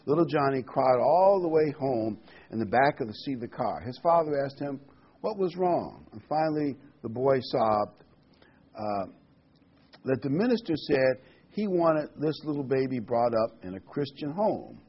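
Husky-voiced man preaching a Bible study. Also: medium pitch, sing-song, normal speed. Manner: reads scripture aloud, tells jokes, stresses key words. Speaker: pastor. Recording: dull lo-fi recording.

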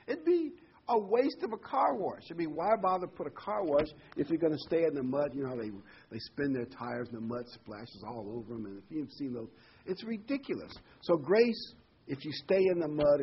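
A man's voice: on the high side, highs cut off, slight background noise. A man preaching a folksy, rambling sermon full of homely examples and corny jokes.

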